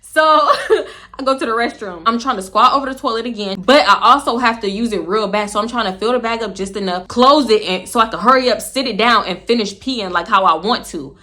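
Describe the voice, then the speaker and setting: A woman from Houston, telling a story to the camera. Her voice is bright and forward, and she jumps into high, loud quoted lines before dropping back low. She swears freely and laughs as she goes. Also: fairly quick. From Houston, Texas. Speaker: storytime vlogger. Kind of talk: casual storytelling.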